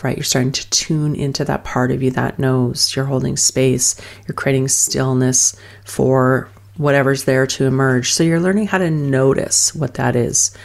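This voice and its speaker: A woman coach teaching a calming breathing practice in a soothing, loose, filler-heavy way. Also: rumbling low. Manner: soothing, speaks in loose fragments with many fillers. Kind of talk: guided wellness teaching.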